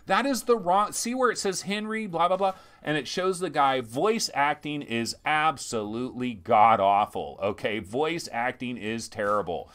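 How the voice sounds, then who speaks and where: A man's voice: mid-range voice, normal speed, hardly any pauses, a bit bright. A man hosting a VR game show, giving a casual, slangy and ranting game review.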